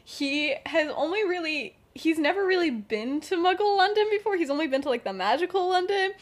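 A woman's voice: very high voice, expressive, brisk. A young woman hosting a podcast, rambling through a story in casual chat, giggling and saying "like" a lot. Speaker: podcast host.

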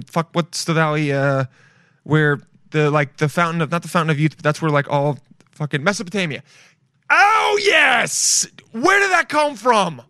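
A man's voice: fairly high pitch, fairly bright tone, no echo, studio quality. A man hosting a solo podcast, rambling loosely and profanely and calling his listeners dude and bro. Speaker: podcast host.

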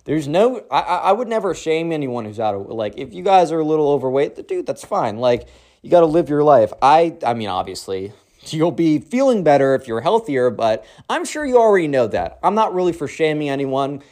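A young man telling a story in a casual, slangy, excitable way. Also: on the high side, a little fast. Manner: slangy, excitable, lots of 'bro' and 'like'.

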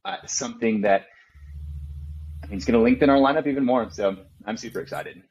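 A man's voice: mid-range voice, fairly quick, darkish tone, dull audio. A young man from Austin, a podcast guest chatting easily with many fillers. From Austin, Texas. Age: young adult. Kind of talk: casual chat.

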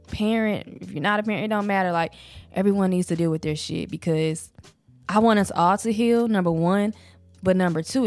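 A woman's voice: lowish voice, darkish tone, no room sound. A young woman and mother talking candidly and emotionally in a personal vlog, casual and conversational. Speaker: vlogger, mother.

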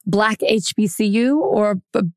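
A woman co-hosting a podcast, making her case in quick, opinionated bursts. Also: mid-range voice, fairly even intonation, no room sound, clean studio sound. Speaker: podcast co-host. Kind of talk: casual chat.

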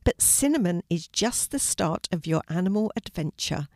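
A woman reading aloud as a kindly schoolteacher in a storybook, encouraging the class. Her voice is fairly low and close-miked, with a dry sound. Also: lively intonation, moderate pace, dry recording. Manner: warm, encouraging. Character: kind female schoolteacher, adult, encouraging.

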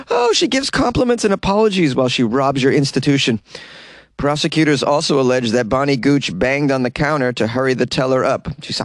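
A man's voice: mid-range voice, expressive, a little fast, no room sound. A man hosting a comedy news podcast, reading and commenting with sarcastic asides and frequent laughter. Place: small closet.

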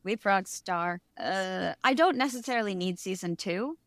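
A woman co-hosting a casual podcast, relaxed, with many fillers and quick agreeing interjections. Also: mid-range voice, no room sound. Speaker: podcast co-host. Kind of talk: casual chat.

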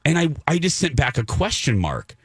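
A man's voice: on the high side, wildly swooping pitch, moderate pace, breathy edge, dry recording, clean studio sound. A man hosting a radio show, casually telling a story on air and acting out his own reactions.

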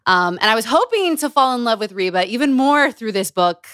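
Woman podcast host, bubbly and chatty, slightly high pitch, dry close recording. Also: sing-song, moderate pace, few pauses, fairly bright tone, smooth, no echo. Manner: chatty and bubbly, laughs often. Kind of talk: casual chat.

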